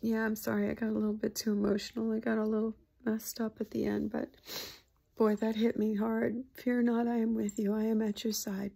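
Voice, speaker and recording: A woman hypnotherapist giving a casual spiritual reflection, soft-spoken and heartfelt, sometimes sinking into hushed murmurs. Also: a little high, level tone, brisk, creaky, husky.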